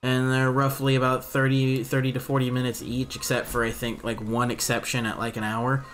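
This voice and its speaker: A man's voice: medium pitch, completely flat delivery, brisk, faint music behind. Rambling young man giving game commentary. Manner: rambling, self-deprecating, thinks out loud. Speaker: let's play commentator. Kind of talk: casual gameplay commentary.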